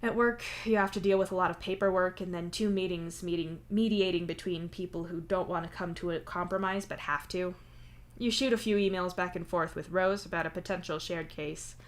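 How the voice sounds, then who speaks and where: A woman reading a fan story aloud in the second person, steady and even. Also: fairly low pitch, brisk. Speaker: fanfiction reader. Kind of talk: audiobook-style story reading.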